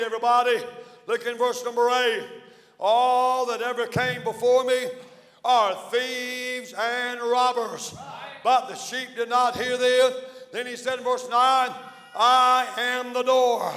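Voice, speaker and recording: Man, Southern accent, fiery preacher, very high pitch, long hall echo, repeated refrains. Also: level tone, a little slow, fairly bright tone. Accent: Southern American. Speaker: pastor. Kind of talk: fiery evangelistic sermon. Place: church sanctuary.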